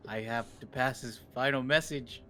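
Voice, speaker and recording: A young man playing his character in a tabletop game, speaking softly with halting restarts. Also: mid-range voice, steady tone, faint music behind. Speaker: player.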